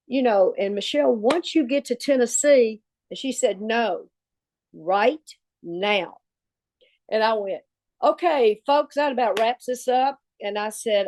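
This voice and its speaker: Lively woman telling a story. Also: medium pitch. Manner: lively, acts out quoted voices. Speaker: former assistant coach. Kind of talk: storytelling anecdote.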